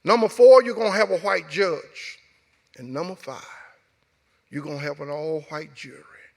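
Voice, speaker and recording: A man's voice: on the high side, normal speed, gravelly. A man voicing a menacing male police detective, blunt and contemptuous. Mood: cold. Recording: echoey hall.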